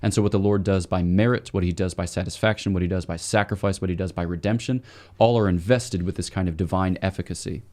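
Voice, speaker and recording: A man, a priest guest on a podcast, explaining theology in a measured, scholarly way with occasional fillers. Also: deep voice, fairly even intonation, darkish tone.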